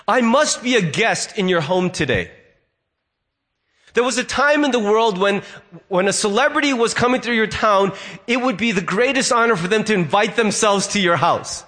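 Man, pastor, sermon, high-pitched voice, storytelling delivery. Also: fairly bright tone. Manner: storytelling, acts out voices in quotes.

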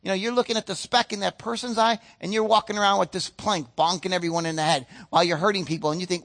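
Male pastor, sermon, high voice, earnest and emphatic, drawn-out stresses, bright ringing tone. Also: expressive. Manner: earnest, emphatic, slows down to stress key points; acts out other people's voices mid-sentence.

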